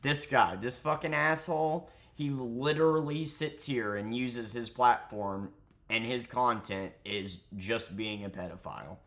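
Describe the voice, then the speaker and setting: A man's voice: mid-range voice, unhurried, fairly bright tone. A man ranting angrily in a commentary vlog, profane and mocking. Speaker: commentary vlogger.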